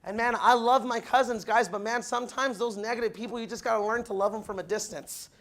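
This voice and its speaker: A man giving a loud, punchy motivational speech to new recruits, asking the crowd if they follow him, with the audience answering back. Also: very high voice, steady tone, quick pace. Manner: acts out quoted people in changed voices. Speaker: motivational speaker at recruit orientation. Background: audience responding.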